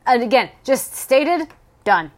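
A woman's voice: high-pitched, sing-song. A woman co-hosting a podcast, discussing a novel in casual chat with wry jokes and wordplay. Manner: wry and joking, quick with wordplay. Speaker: podcast co-host. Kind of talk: casual chat about a book.

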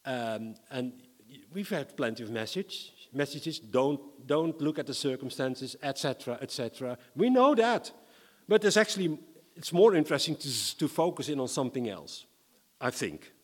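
A man from the Netherlands, preaching a sermon in a lively, humorous way and reading scripture dramatically. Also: mid-range voice, normal speed, in a large hall.

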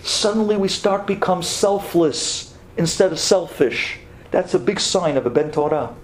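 A man's voice: sits high, lively intonation, measured pace, echoey room, a little hiss or hum. A man giving a Torah class, telling a story and acting out both sides of the dialogue.

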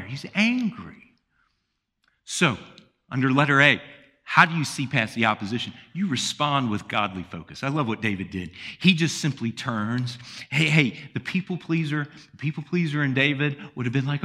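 A man's voice: high voice, lively intonation, normal speed, pushed and bright. A male pastor preaching a sermon with emphatic delivery, sometimes acting out the people in his story. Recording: long hall reverb.

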